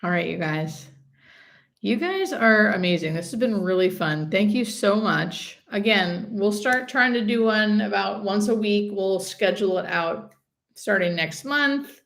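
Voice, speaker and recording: A woman's voice: mid-range voice, expressive, measured pace, creaky, fairly bright tone. A woman, a hospice nurse, hosting a casual live stream, chatting and reading out viewer comments.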